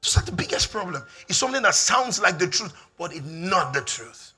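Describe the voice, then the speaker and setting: A man with a Nigerian accent preaching a sermon as pastor, emphatic and repetitive, building up to shouts. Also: high-pitched, big pitch swings, brisk, slightly rough, faint music behind.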